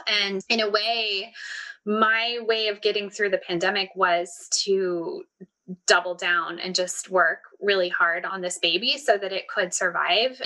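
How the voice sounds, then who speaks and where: A woman who runs a small business, answering interview questions in a brisk, earnest way. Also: mid-range voice, pushed and bright, poor audio. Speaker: guest, small business owner. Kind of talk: interview talk.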